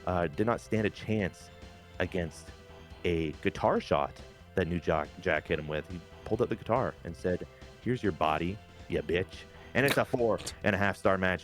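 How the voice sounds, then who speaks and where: A man giving a casual recap of his wrestling game league, excitable and swearing now and then. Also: low-pitched. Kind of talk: casual gameplay recap commentary.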